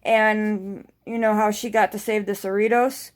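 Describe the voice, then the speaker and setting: A woman casually recapping a TV episode, rambling excitedly and swearing freely. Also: medium pitch, unhurried. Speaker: TV episode reviewer.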